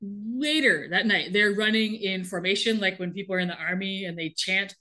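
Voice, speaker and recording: In a mid-range voice at normal speed, a woman recaps a TV episode as a podcast co-host in casual chat. She keeps it animated, laughing often along the way.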